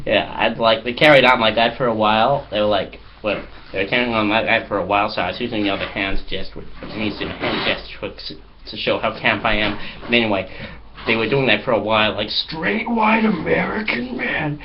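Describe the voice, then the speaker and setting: A man's voice: fairly low pitch, fairly even intonation, quick pace. A man telling anecdotes in a comedic mock interview, in a boastful, rambling way. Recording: slightly muffled with faint hiss.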